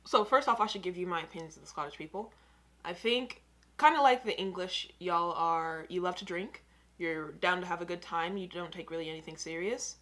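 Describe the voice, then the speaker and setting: A woman's voice: on the low side, brisk, a bit bright. An American woman hosting a reaction video, chatting casually and giving her opinions aloud. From United States.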